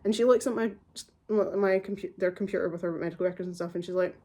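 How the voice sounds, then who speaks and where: A woman's voice: on the low side, fairly even intonation, quick pace, dark tone. A woman in her twenties retelling a story casually and heatedly, swearing often and acting out both sides of the conversation. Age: 20s. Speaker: vlogger.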